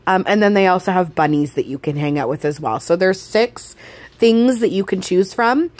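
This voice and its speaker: A woman's voice: lowish voice, expressive, normal speed, a little mellow. A woman, a mother, narrating a family travel vlog in a chatty, enthusiastic way as she recommends an outing. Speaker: vlogger, mother on a family trip.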